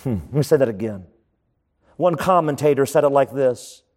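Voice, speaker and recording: A man's voice: medium pitch, expressive, normal speed, darkish tone, long reverb tail. A man preaching a sermon as pastor, emphatic and repeating key phrases for effect.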